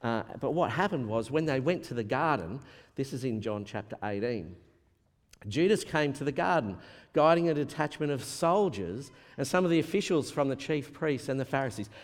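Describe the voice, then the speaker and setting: A man preaching a sermon as a pastor, animated and acting out the voices he quotes. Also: mid-range voice, moderate pace. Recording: long hall reverb.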